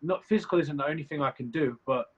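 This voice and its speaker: A man's voice: fairly high pitch, fast talker, husky. Candid young man on muffled audio. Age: young adult. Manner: rambling, candid, swears freely. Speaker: reality competition contestant, guest. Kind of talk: casual interview chat.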